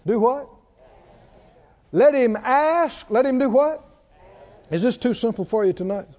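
His pitch is extremely high and his tone mellow, and he delivers the sermon animatedly at a measured pace. The church recording is dull and lo-fi, and he engages the congregation through call-and-response, posing question after question.

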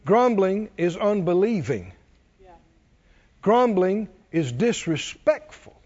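Pastor type, man, high voice that swoops a lot, preaching to a crowd, muffled lo-fi recording. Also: takes it slowly. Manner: animated preaching, jokes with congregation, does cartoon voices. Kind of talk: sermon.

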